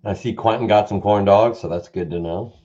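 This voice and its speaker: Dry, offhand male co-host, low voice; a dull, muffled lo-fi feed. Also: fairly quick, warm tone. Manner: dry, offhand, coughs now and then. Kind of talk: casual live-stream chat.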